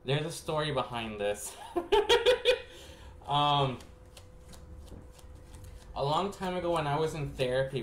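A man chats to his viewers in a loose, rambling storytelling voice that breaks into frequent laughter. He drifts from quiet, low asides to lively, excited stretches. The recording has a roomy echo and a faint background hiss. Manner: animated, laughs often, swings between hushed and excited. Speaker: spiritual reader and vlogger. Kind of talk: casual rambling storytelling to camera. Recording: echoey room with faint background noise.

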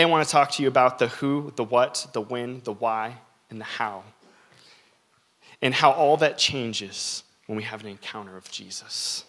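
A man's voice: mid-range voice, bright, forceful tone. A young man preaching a sermon as a youth pastor, telling stories energetically with frequent fillers.

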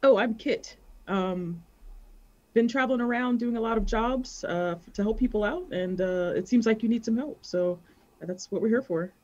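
A woman playing an adventurer in an online tabletop game, friendly and quick with small fillers. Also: on the high side, a little mellow, muffled recording. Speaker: player.

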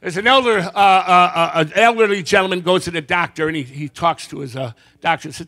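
A man doing a stand-up comedy routine before a live audience, telling jokes and slipping into quick character voices. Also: high-pitched, bright, forceful tone. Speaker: comedian and magician.

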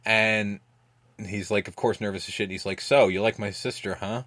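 Animated man recapping a movie, dry sound. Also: lowish voice, no echo. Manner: animated, swearing, acts out movie lines in quick voices. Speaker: podcast host. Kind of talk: casual movie recap chat.

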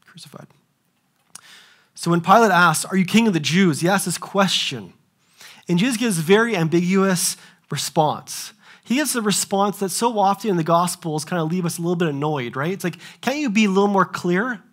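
Animated man preaching a sermon. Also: high-pitched, brisk. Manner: animated, asks rhetorical questions and acts out quoted voices. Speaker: pastor.

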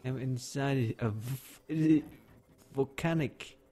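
A man's voice: medium pitch, measured pace, warm tone. A man giving live game commentary, talking to himself, exclaiming and joking in broken English. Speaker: gameplay streamer. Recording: faint keyboard typing in background.

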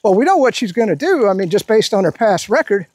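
A man with a fairly high, husky voice talks politics in a rambling, indignant way, often restarting his sentences. He is outdoors walking his dog, and the sound is close and dry. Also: very animated, fast, a little mellow, no room sound. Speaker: political commentary vlogger. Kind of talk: casual political rant while walking.

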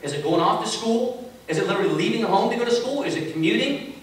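A man preaching a sermon as a pastor, telling stories in a relaxed, conversational way with self-mocking humor. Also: sits high, fast talker. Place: large echoey church sanctuary. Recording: echoey hall from far off with faint hiss.

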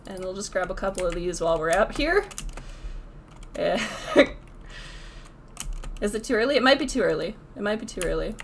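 A woman's voice: medium pitch, animated, moderate pace, pauses often, slightly rough. A young woman streaming a video game, swearing and trash-talking as she plays. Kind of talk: live gameplay commentary.

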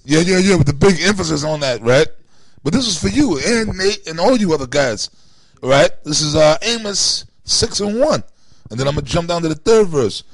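Brief: high, gravelly man, dry close sound, animated joker. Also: moderate pace, no echo, poor audio. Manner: animated, joking, mocking imitations. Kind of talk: casual scripture discussion.

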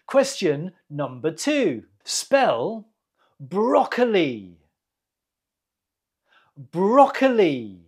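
An English teacher hosting a learners' quiz, repeating each word clearly and pausing for the listener. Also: mid-range voice, big pitch swings, darkish tone. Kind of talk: slow, careful quiz delivery for learners.

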